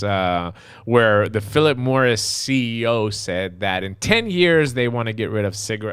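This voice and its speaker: A man co-hosting a casual live stream, reading viewer comments and ranting with lots of profanity, dropping to mutters and rising to shouts. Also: on the low side, clean tone, no echo, clean studio sound. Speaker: co-host of a live vaping talk stream.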